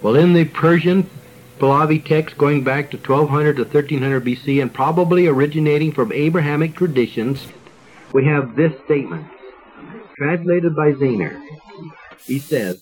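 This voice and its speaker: Measured male religious lecturer. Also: a little high, darkish tone, rough recording. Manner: measured, reads quotations with emphasis, pauses and slows on key words. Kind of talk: lecture reading ancient texts aloud.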